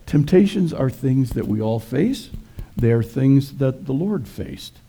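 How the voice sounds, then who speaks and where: Brief: male pastor, folksy joking sermon, gravelly and husky, dark mellow tone. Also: mid-range voice, sing-song, unhurried.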